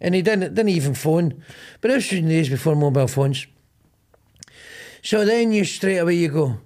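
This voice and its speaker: Middle-aged Glasgow man, podcast host, rambling sweary storyteller, voice sits a touch high. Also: lively intonation, normal speed, pauses often, darkish tone. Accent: Glaswegian Scottish. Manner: rambling, sweary storyteller acting out both sides of arguments. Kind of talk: casual comedic chat.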